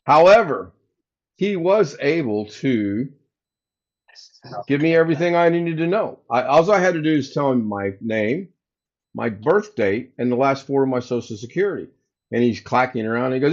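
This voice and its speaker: A man's voice: medium pitch, normal speed. Man telling a story on a livestream, lo-fi. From United States. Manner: animated, acts out both sides of a phone call. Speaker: livestream host. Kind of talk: casual storytelling to live chat. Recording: slightly dull lo-fi sound.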